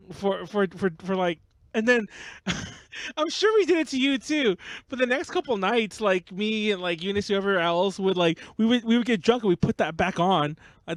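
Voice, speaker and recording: Fast-rambling young man with an LA accent. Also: sits high, dry recording. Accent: Los Angeles. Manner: rapid, rambling, many restarts. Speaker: podcast host. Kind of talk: casual chat.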